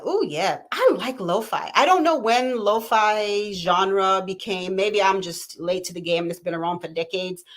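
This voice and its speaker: A woman in her thirties hosting a live talk show from home, chatting casually and reading viewers' comments aloud. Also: on the low side. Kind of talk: live-stream casual chat.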